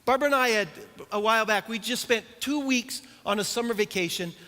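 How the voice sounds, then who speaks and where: Speaking briskly, a middle-aged pastor addresses his congregation in a notably high, bright voice. The sermon feels like conversation, full of dry wit and rhetorical questions, ringing out with the long reverb of the church hall.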